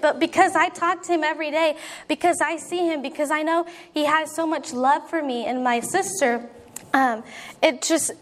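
A young woman delivers a sermon in a high, light voice. She talks earnestly and conversationally, slipping into spoken prayers. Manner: earnest, conversational preaching with repeated appeals and acted prayers. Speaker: preacher.

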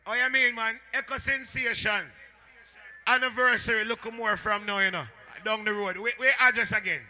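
A man with a Jamaican accent working as a sound system MC at a live dance, rowdy and shouting call-and-response to the crowd. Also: high voice, steady tone, normal speed. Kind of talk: live dancehall MC hype talk. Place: indoor dance venue at night.

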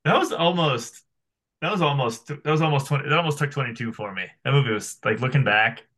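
A man co-hosting a movie podcast, quick to crack jokes and laugh along. His voice has a bright, forward edge. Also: mid-range voice. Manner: jokey, laughing often. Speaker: podcast co-host. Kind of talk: casual movie chat.

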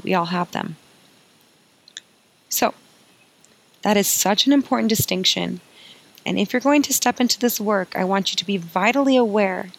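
A woman's voice: mid-range voice, creaky, low-quality recording. A woman hosting a podcast as an emotional healing coach, talking in an earnest, confiding way and repeating phrases for emphasis.

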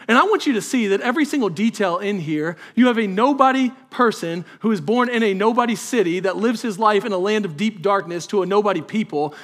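A man's voice: high voice, fairly bright tone. A man, a pastor preaching a sermon in a conversational way that builds to emphatic peaks.

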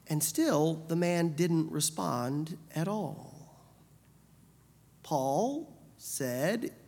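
Low, slow woman telling a story. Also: darkish tone. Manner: measured, deliberate storytelling. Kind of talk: story narration. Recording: long hall reverb.

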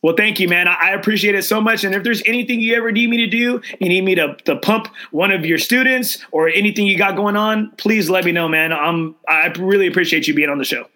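A man's voice: sits high, fast, hardly any pauses, pushed and bright. A middle-aged man hosting a golf show, talking with emotion and enthusiasm and often repeating himself. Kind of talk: casual chat, live show sign-off.

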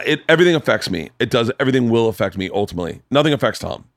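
A man hosting a podcast in casual chat, talking in a rambling, animated and profane way. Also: mid-range voice, very fast, no echo, clean studio sound. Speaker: podcast host. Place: home studio.

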